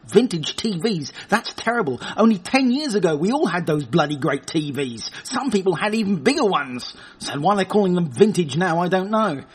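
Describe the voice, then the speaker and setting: A man with a husky, breathy voice, pitched high for a man, rambles through the news as a podcast host. He jumps between crude jokes and asides, and his pitch swings widely up and down as he talks. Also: big pitch swings, moderate pace, few pauses. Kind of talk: casual comic news chat.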